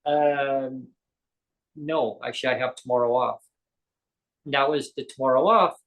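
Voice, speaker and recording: A man's voice: medium pitch, fairly even intonation, measured pace, a bit bright, low-quality recording. A man, a guest on a live interview show, tells a personal story in a rambling way, often correcting himself and acting out quoted dialogue.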